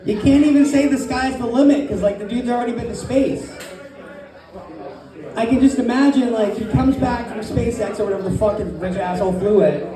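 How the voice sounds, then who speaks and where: A man in his thirties performing a profane, animated stand-up set at an open mic, acting out voices as he tells stories. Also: extremely high pitch, fairly quick, a crowd in the background. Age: 30s. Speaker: stand-up comedian. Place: comedy club open mic. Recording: echoey room, distant mic, loud audience. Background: audience laughter.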